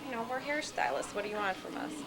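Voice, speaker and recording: A hairstylist with a fairly high voice talks fast, telling chatty anecdotes about her clients straight to camera. The recording is low quality, with loud music behind her.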